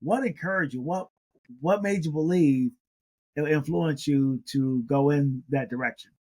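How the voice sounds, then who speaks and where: A man's voice: a little high, unhurried, darkish tone. A man hosting a podcast and asking questions in a conversational way. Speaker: podcast host. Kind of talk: podcast interview.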